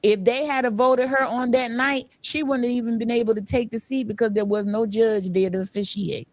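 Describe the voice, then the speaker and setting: A woman's voice: fairly high pitch, steady tone, a little fast, no echo. A woman hosting a livestream, commenting bluntly and casually on a city council meeting. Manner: blunt, conversational, opinionated. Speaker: livestream host.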